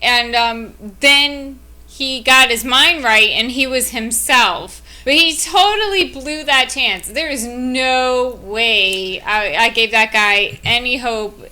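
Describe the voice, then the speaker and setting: A woman's voice: on the high side, slow pace, bright, forceful tone. A woman co-hosting a gaming podcast in casual chat, talking earnestly and giving advice to listeners. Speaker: podcast co-host.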